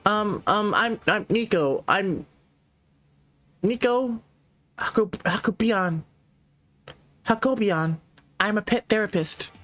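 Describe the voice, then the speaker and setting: A man's voice: sits high, expressive, slow pace, pauses often, a bit bright, soft background music, pitched above the performer's own voice, full character voice. A man reading a visual novel aloud, voicing a painfully shy young man who stutters and restarts his words. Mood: nervous. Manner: stuttering, hesitant, repeats words.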